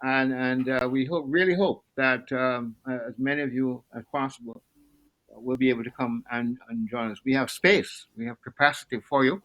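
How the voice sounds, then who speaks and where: A man with a bright, forceful voice answers a question on a video-call webinar. He talks earnestly and with plenty of fillers as he invites listeners to come and join. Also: mid-range voice, moderate pace, dull audio. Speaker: panelist.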